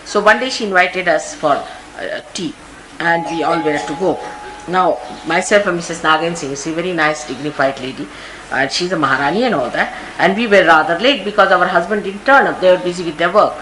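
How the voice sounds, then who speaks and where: A woman's voice: on the low side, fairly quick, fairly bright tone, slight background noise, low-quality recording. An older woman with an Indian English accent, giving a spiritual talk full of anecdotes and asides. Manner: anecdotal, conversational, often says "you see". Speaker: spiritual teacher. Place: large indoor gathering.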